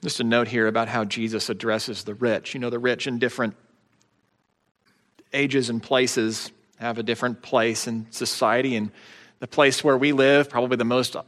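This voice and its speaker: A man's voice: mid-range voice, level tone, normal speed, fairly bright tone, big-room sound. A man preaching a sermon as pastor, in a conversational way with wry, joking asides.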